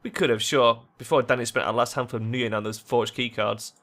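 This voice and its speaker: A man's voice: medium pitch, fairly even intonation, brisk, a bit bright, natural voice. A man reading game dialogue aloud, voicing a worried young woman who is putting on a brave face. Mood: worried, defiant.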